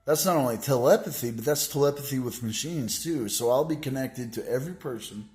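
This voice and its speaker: A man's voice: mid-range voice, a little fast, a little mellow. A man talking in a rambling, grandiose monologue, filling his sentences with "you know" and "like" and preaching about his plans. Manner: meandering, full of "you know" and "like" fillers. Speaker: vlogger.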